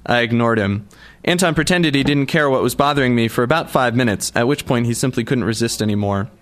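A man's voice: mid-range voice, brisk, a bit bright. A male narrator reading a first-person story aloud in a wry, dry manner. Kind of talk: audiobook narration.

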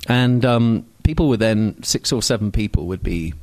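An older man from Scotland speaks in polished received pronunciation, wry and self-mocking as he wanders through a personal story full of ums and asides. His voice sits low, and the sound is close and dry. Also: normal speed, darkish tone, dry recording. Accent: received pronunciation English. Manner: wry, digressive, self-mocking with many fillers. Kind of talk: storytelling talk. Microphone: microphone on stage.

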